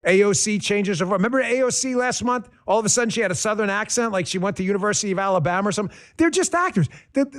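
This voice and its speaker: A man hosting a political commentary show, talking in a sarcastic, riffing monologue. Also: high voice. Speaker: host.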